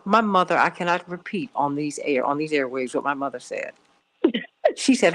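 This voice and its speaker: A woman's voice: fairly low pitch, moderate pace, fairly bright tone. A middle-aged woman from Chicago hosting a call-in radio show, telling a personal story emphatically and repeating herself for stress. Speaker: radio talk show host.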